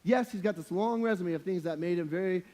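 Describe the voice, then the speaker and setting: A man's voice: high-pitched, quick pace, mellow. A young adult man preaching a sermon as a pastor, in a casual, slangy, conversational way with humorous, emphatic points.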